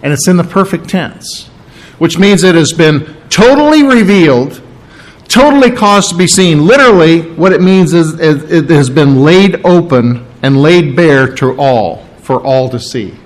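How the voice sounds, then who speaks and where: An earnest male pastor working through a Bible passage in a sermon. His voice sits a little high for a man, and he leans hard on key phrases, saying them twice. He talks in an unscripted way, with restarts as he goes. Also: lively intonation, unhurried, rough recording. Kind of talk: expository sermon.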